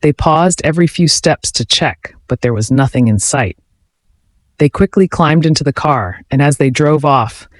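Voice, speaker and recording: A man's voice: a little high, no echo. Man narrating a scripted horror story. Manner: steady, measured storytelling.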